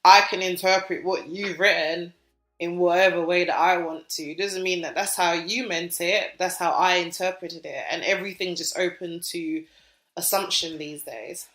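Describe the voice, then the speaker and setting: A woman with a British accent co-hosting a podcast, telling stories in a chatty, animated way with lots of fillers. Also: fairly low pitch, normal speed, echoey room. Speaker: podcast co-host. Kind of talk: casual podcast chat.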